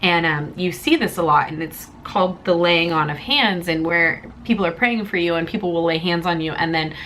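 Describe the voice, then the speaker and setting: A woman's voice: on the low side, normal speed, fairly bright tone, slight background noise, low-quality recording. A young woman reviewing a comic in a casual vlog, rambling and emotional, close to tears. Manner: emotional, rambling, tearful at times.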